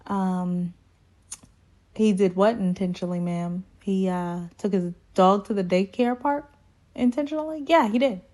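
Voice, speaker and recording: A woman hosting a casual reality TV recap, sassy and chatty, talking straight to her viewers and retelling scenes in quick back-and-forth. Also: medium pitch, darkish tone.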